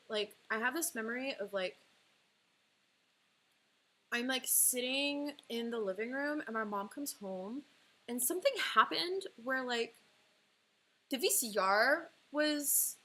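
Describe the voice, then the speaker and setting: Bright-voiced young woman telling a personal story. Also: on the high side, moderate pace, slight background noise. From California. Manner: chatty, heavy use of "like", emotional, breaks into laughs. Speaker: livestream artist and host.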